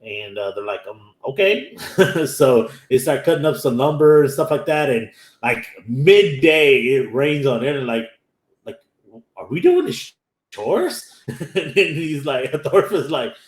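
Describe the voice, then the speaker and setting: Here the Texan anime podcaster speaks at medium pitch and an even, measured pace. His casual, rambling episode recap includes acted-out character lines, captured in an echoey space.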